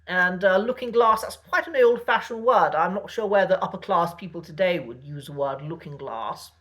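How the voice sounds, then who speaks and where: Male host teaching vocabulary, relaxed and conversational, often pausing to find his words. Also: high-pitched. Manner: unhurried, thinking aloud with pauses and restarts. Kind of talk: casual spoken lesson.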